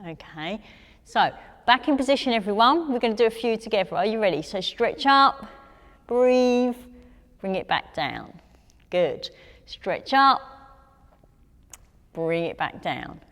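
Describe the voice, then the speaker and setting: An English woman instructing a gentle chair exercise class, encouraging and talking viewers through each move. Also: mid-range voice, very animated, a little slow, pauses often, long reverb tail. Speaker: fitness instructor.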